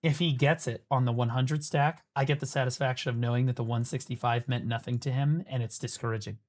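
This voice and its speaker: A man's voice: mid-range voice, fairly even intonation, brisk. A man streaming a game, commentating casually while mocking another player with profanity and laughter.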